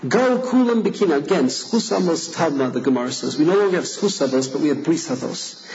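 A man's voice: a little high, fairly quick, darkish tone, echoey room, a little hiss or hum. A man teaching a class, earnestly reading verses aloud and translating them. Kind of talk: lecture explaining liturgical poems. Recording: dull lo-fi recording.

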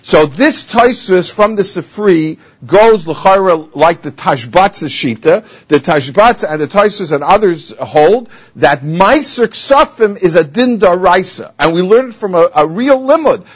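A man's voice: high voice, animated, a little slow, few pauses, husky, highs cut off. A man giving a Talmud lecture in English, explaining the text and telling its stories with many Hebrew and Aramaic terms. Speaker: Talmud teacher.

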